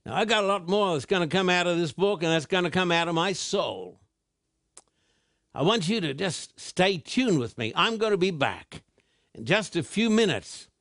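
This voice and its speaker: A man preaching a broadcast sermon, stressing words slowly and emphatically. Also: high-pitched, animated, fairly bright tone, no echo, studio quality.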